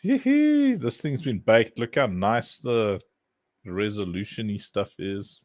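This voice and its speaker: On a dry recording, a low-voiced man streams live in an unhurried way, talking to himself while clicking around, rambling, cracking jokes, and chuckling frequently between comments.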